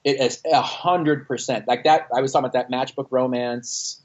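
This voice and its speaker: Speaking at normal speed in a medium-pitched voice, a former band frontman from Austin, Texas, swaps stories in a casual interview over an internet call. He swears freely and acts out quotes with animation, and the recording sounds muffled.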